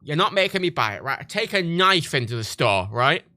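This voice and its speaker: In casual livestream chat, a British man rambles crudely, often stopping mid-thought to restart. His voice sits on the high side, very animated and fairly quick, with a bright, forceful tone.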